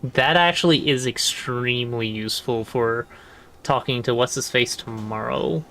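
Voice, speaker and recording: Man, livestreamer, casual gameplay commentary, chatty, musing, mid pitch. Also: moderate pace, fairly bright tone, slight background noise.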